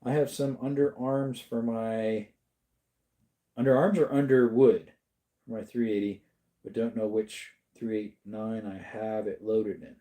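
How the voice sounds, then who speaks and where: A man's voice: on the low side, little pitch movement, measured pace, dark tone. A tired middle-aged man from Arizona, hosting a casual livestream and answering chat in a drawling, easygoing way. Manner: drawling and tired, slips into joke voices. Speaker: livestream host reading chat.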